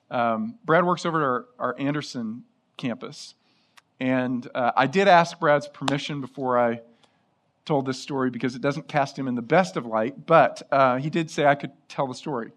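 A middle-aged man preaching a sermon, telling personal stories in a lively way. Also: mid-range voice. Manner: storytelling, animated, acting out quoted voices. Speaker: pastor.

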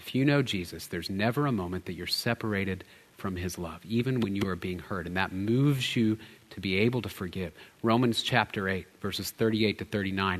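A man in his thirties preaching a sermon as pastor, earnest, swinging from loud emphasis to hushed, near-whispered lines. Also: sits low, normal speed, in a large hall. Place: church sanctuary.

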